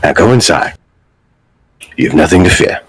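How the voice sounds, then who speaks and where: Wise older Jedi master, solemn and measured, played by a man, deep voice. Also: expressive, poor audio. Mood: calm.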